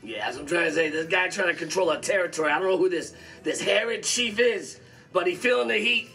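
A man's voice: high voice, lively intonation, quick pace, creaky, full character voice. A man playing a brash, streetwise gangster wise man in a comedy church skit, talking in tough street slang. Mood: swaggering. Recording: distant voice over loud music.

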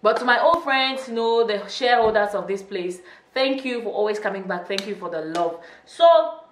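A young woman talks casually to her channel viewers, chatty and quick to laugh. Her voice sits a little back from the mic in an echoey room. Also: medium pitch, distant mic. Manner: chatty, laughs often, teasing. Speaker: YouTuber. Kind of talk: casual vlog chat.

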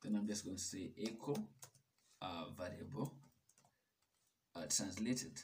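A man hosting a casual coding tutorial, chatty and relaxed, laughing at his own mistakes. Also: low voice, unhurried, distant mic.

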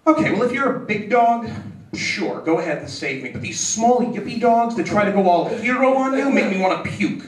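Animated male stand-up comedian, high lively voice. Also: moderate pace, crowd noise. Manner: animated, exasperated rants with mock outbursts. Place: comedy club stage. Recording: roomy club sound from far, audience laughter.

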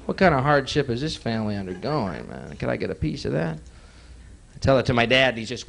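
A man's voice: mid-range voice, very animated, a little fast, vocal fry, a bit bright. A young man from Texas in his twenties doing sardonic stand-up comedy, often laughing at his own jokes. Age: 20s. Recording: noisy 1980s live club tape.

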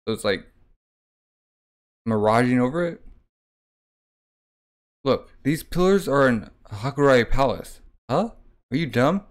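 Guy reading manga out loud, casual, stumbly, does sound effects. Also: medium pitch, expressive, a little slow, pauses often. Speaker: manga reader. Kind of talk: casual manga read-aloud with narration.

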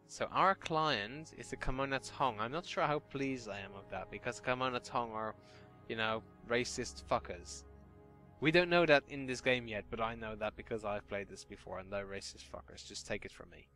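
A man's voice: mid-range voice, moderate pace, bright, forceful tone, soft background music. A man giving sweary, sardonic, rambling commentary while playing a video game. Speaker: let's play host. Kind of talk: casual gameplay commentary.

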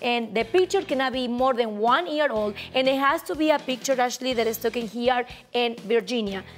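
High-voiced chatty woman co-host. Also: expressive, brisk, soft background music. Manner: enthusiastic, frequent agreeing interjections. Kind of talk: casual chat.

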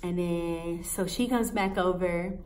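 A young woman vlogger telling a story in a casual, profane, animated and exasperated way. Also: lowish voice, slow.

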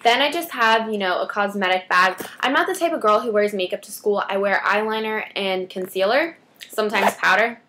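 A woman's voice: mid-range voice, fairly quick, noisy background. A teenage girl talks to camera in a casual beauty vlog. She rambles with chatty asides and backtracks. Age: teens. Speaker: beauty vlogger.

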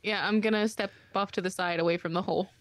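A woman playing a tabletop game, answering the game master in a calm, matter-of-fact way. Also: medium pitch, quick pace, no room sound. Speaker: player. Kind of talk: tabletop role-play chat.

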